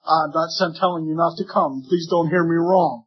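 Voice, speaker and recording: A man with a fairly high, husky voice preaches earnestly to a congregation, giving voice to the objections his listeners might raise. The recording is dull and lo-fi, as if taped in a church. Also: steady tone, normal speed. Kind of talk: sermon.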